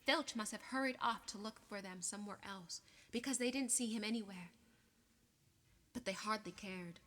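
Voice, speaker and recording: This audiobook narration comes from a woman whose pitch sits in the middle range. Her reading is expressive yet measured, and long reverb trails her voice.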